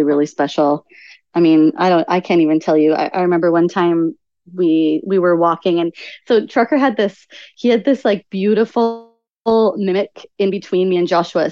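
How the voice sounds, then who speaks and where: Animated woman storyteller, slightly muffled audio. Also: lowish voice, dry recording. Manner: animated storyteller acting out quoted speech. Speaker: podcast guest, author and nutritional coach. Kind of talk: conversational interview storytelling.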